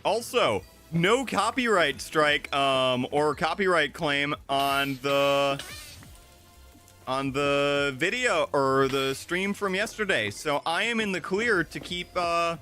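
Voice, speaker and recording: A young man with a slight lisp talking casually over his gameplay, rambling with lots of fillers and self-corrections, soft music behind. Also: on the high side, slow pace. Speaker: gaming streamer. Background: soft game music.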